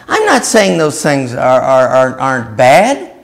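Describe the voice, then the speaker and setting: A man teaching a Christian seminar and telling a story, growing loud and animated as he acts out what he said. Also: fairly high pitch, fairly quick, gravelly, hardly any pauses. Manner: storytelling, growing loud and animated when acting out his reply. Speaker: preacher.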